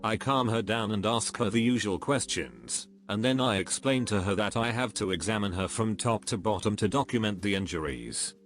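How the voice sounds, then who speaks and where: A man narrating a series of reader-submitted stories in a steady, even, scripted reading. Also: on the low side, normal speed, hardly any pauses. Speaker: narrator reading online posts. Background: faint background music.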